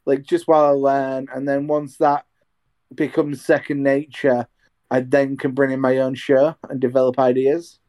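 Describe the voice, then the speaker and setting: A man's voice: mid-range voice, flat delivery, normal speed, darkish tone. A young man chatting casually over a video call from his half-decorated bedroom, rambling with restarts about training as a radio presenter. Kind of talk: casual chat. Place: home bedroom being decorated.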